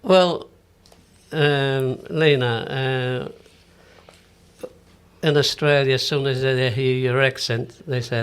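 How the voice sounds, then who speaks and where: An older man with a Maltese accent chats on radio about his singing career. He tells stories in a relaxed, casual way and acts out the dialogue he remembers. His voice sits in an ordinary middle pitch. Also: takes it slowly, clear, resonant tone. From Malta. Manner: storytelling, acting out quoted dialogue. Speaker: entertainer and singer.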